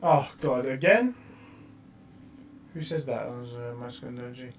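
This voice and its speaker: A man co-hosting a casual livestream, excitable and quick to swear. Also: medium pitch, slight background noise. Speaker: co-host.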